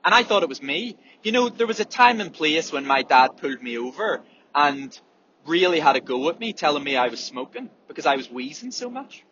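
A man's voice: a little high, very animated, a little fast, a bit bright, dull audio, slight background noise. A man, a runner talking candidly and swearing freely in a casual monologue, acting out breathing sounds as he explains.

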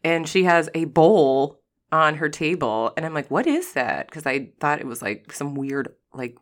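A woman's voice: low-pitched, measured pace. A young woman co-hosting a podcast, chatting casually and teasing with lots of laughs. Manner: giggly, teasing, jokey. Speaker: podcast co-host. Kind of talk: casual chat.

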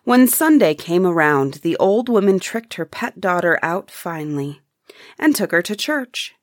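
A woman reading an old folk tale aloud in an even, measured storytelling manner. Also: lowish voice, no echo, clean studio sound.

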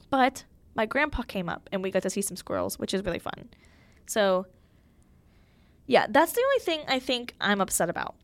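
In a dry recording, a young adult woman with a medium-pitched voice hosts a podcast. She talks in a casual, candid way, full of emotion and filler words.

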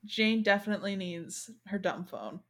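A woman hosting a book podcast, retelling scenes in a chatty, animated way. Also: medium pitch, normal speed. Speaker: podcast host. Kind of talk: casual chat.

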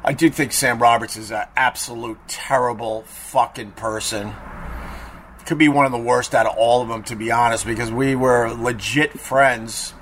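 A man's voice: medium pitch, fairly even intonation, moderate pace, a bit bright, a little hiss or hum. A man hosting a podcast, telling a story in a chatty, profane way and acting out quoted people with raised voices. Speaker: podcast host. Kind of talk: casual storytelling monologue.

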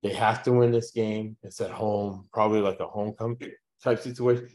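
A man hosting a sports betting podcast, talking casually and loosely, with lots of "uh" fillers and quick laughs. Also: on the low side, fairly even intonation, a little mellow. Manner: rambling, frequent "uh" fillers, laughs at own jokes. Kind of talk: casual chat with picks.

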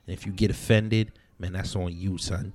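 A man's voice: deep voice, steady tone, moderate pace, over music. A man hosting a podcast, brash and joking, with slangy casual banter. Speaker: podcast host.

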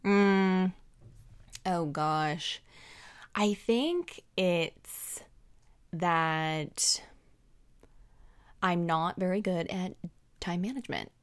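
A woman's voice: lowish voice, extremely slow, long pauses, clear, resonant tone. A young woman co-hosting a podcast, talking casually with lots of fillers and laughs. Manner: rambling, filler-heavy, laughs often. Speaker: podcast co-host. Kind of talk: casual chat.

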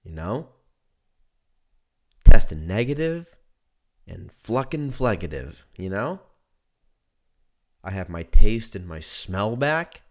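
A man's voice: fairly low pitch, big pitch swings, slow pace, pauses often. A man hosting his own podcast in a casual solo monologue, drunk, congested, rambling and swearing freely. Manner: rambling and profane. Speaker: podcast host. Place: at home.

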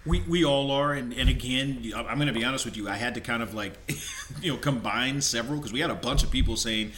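A man's voice: mid-range voice, fast, fairly bright tone, slight background noise. A man co-hosting a podcast in casual chat, reading out listener submissions and laughing often. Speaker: podcast co-host.

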